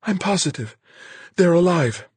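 A man voicing an excited young woman scientist who gushes breathlessly. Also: high voice, unhurried, slightly rough, no room sound, voice pushed up, heavily acted. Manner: breathless, gushing.

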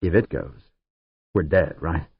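A man's voice: very deep voice, takes it slowly, slightly rough, dry recording, exaggerated voice. A man narrating an audiobook voices a wary, grumbling ship owner who growls his doubts. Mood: grudging. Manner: growling, grudging. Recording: narrow phone-like sound, dry.

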